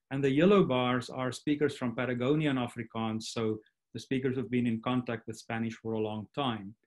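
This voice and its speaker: A man delivers an academic lecture over a computer mic on a video call. He explains at an even, methodical pace, with a middle-pitched voice and the occasional restart. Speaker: linguistics lecturer. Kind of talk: academic online talk.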